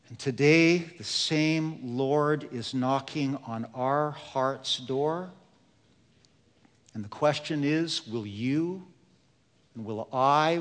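A male pastor preaching a sermon in a slow, earnest and emphatic way. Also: medium pitch, big-room sound.

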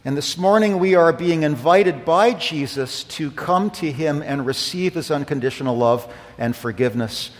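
A man's voice: fairly high pitch, normal speed. A man preaching a sermon in a church, earnest, swelling on key phrases. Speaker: pastor. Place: church sanctuary. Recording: long hall reverb.

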